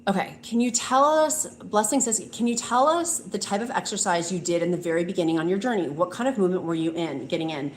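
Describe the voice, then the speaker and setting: A woman's voice: on the low side, expressive, quick pace, few pauses. Chatty, gushing woman in an echoey room. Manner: gushing, chatty, reads viewer comments aloud. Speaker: host of a live weight loss stream. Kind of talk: casual live-stream chat reading comments. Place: room at home. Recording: echoey room, faint noise.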